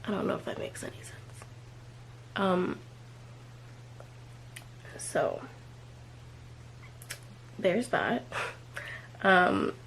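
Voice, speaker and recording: A young woman in a personal vlog, talking haltingly and filling her speech with "like" and trailing pauses. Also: on the low side, very animated, gravelly, fairly bright tone, a little hiss or hum, rough recording. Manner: hesitant, filler-heavy, many "like"s and trailing off. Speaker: vlogger.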